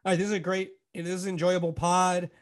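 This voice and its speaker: A man with a New York accent co-hosting a sports media podcast, talking casually with many pauses and fillers. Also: high-pitched, little pitch movement. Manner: hesitant, lots of uh fillers. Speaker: podcast co-host.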